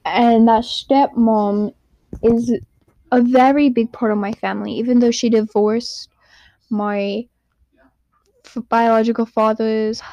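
A teenage girl hosting her own podcast in a quiet room at home, rambling and giggling at herself. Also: a little high, gravelly, no room sound, dull audio. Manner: rambling, giggly, self-deprecating. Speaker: podcast host. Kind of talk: casual solo podcast chat.

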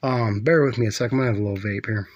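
A man's voice: lowish voice, very fast, highs cut off. A middle-aged man casually retelling a movie plot, rambling and swearing a lot, with plenty of fillers. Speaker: movie recapper.

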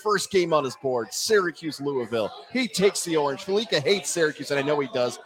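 A man's voice: on the high side, a little fast, crowd noise. A man co-hosting a casual sports talk show, recapping a game play by play with feeling. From Central New York. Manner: animated, rattles off game plays.

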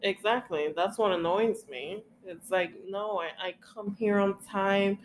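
A young woman talking casually with a co-host. She rants with plenty of swearing and slips into quick impressions of other people. A faint hiss sits under the recording. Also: mid-range voice. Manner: profane, ranting, acts out quoted voices. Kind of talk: casual chat.

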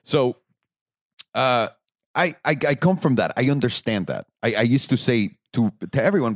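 A young man from Mexico, a native Spanish speaker, hosting a casual podcast chat, animated and profane, ranting and mimicking people. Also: mid-range voice, normal speed, dry recording, clean studio sound. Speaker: podcast host.

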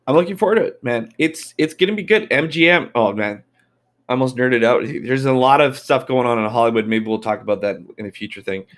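A man's voice: mid-range voice, animated, brisk. A man in casual chat over a video call, joking and poking fun at himself.

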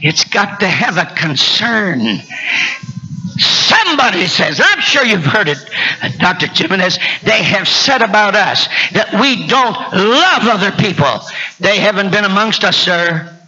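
A man preaching a fiery sermon, swinging from low asides to high shouted climaxes and calling out to people in the congregation. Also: big pitch swings, a little slow. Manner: calls out to listeners in the congregation. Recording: dull lo-fi recording with faint noise.

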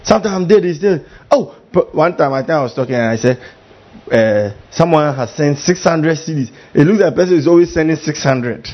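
A husky male pastor preaching with a lively, swooping delivery and a fairly high voice. He switches into comic voices to mimic people. The recording sounds dull and lo-fi. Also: a little fast. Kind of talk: sermon.

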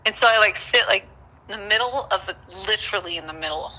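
Bright-voiced woman telling a story animatedly. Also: medium pitch, quick pace, slight background noise, poor audio. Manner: animated, drops to whispers and laughs while telling the story. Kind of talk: casual storytelling chat.

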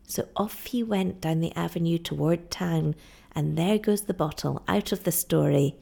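Gravelly woman reading a story aloud. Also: fairly low pitch, dark tone. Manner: measured storytelling. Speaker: narrator. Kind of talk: audiobook narration.

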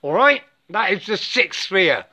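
A man's voice: sits high, sing-song, a little slow, bright, forceful tone. A middle-aged man giving a rambling spiritual monologue, emphatic and repetitive, forever checking with "yeah?" and slipping into chanted mantras. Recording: dull lo-fi recording.

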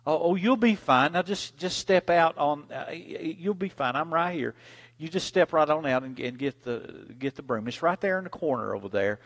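A man voicing a gentle mother who coaxes her little girl, stammering and repeating himself as he soothes her. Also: medium pitch, lively intonation, measured pace, in a large hall, voice pushed up. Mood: coaxing. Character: gentle coaxing mother, older woman.

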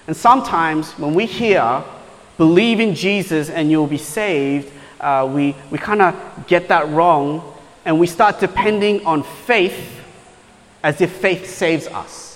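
A man gives a sermon in a relaxed, conversational way, repeatedly asking his listeners "right?" His voice sits a little high for a man. The sound carries a long reverb, as in a large hall. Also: slow. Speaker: pastor.

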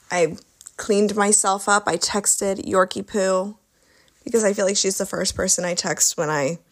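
A young woman hosting a solo podcast, talking candidly in a chatty, rambling way, full of "like" and self-corrections. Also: fairly low pitch. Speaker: podcast host.

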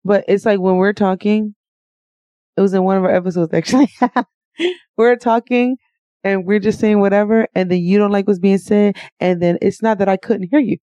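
A woman's voice: medium pitch, steady tone, moderate pace, mellow, dry recording. A woman co-hosting a podcast, pressing her partner with pointed questions and laughing often. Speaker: podcast co-host. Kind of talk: casual argumentative chat. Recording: dull, dry lo-fi mic.

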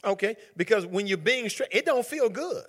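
Man leading a church Bible study; bright, lively teacher, conversational and emphatic. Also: high voice, moderate pace. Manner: calls on members by name, conversational and emphatic. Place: church group gathering.

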